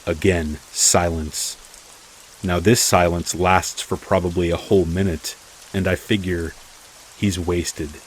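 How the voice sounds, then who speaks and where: A man narrating a first-person true horror story in a steady, measured way. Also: sits low, slight background noise, rough recording. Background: rain.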